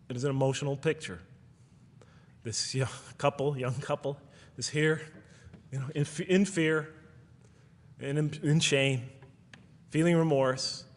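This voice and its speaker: A man's voice: mid-range voice, in a large hall. A man giving an earnest, reflective lecture that rises to emphatic points.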